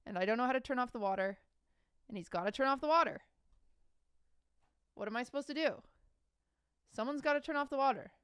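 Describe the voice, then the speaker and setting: A woman's voice: fairly high pitch, fairly bright tone, smooth, dry recording, clean studio sound. A young woman live-streaming from home, chatting casually with her chat in a playful, joking way and laughing often. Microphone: streaming mic, with earbuds.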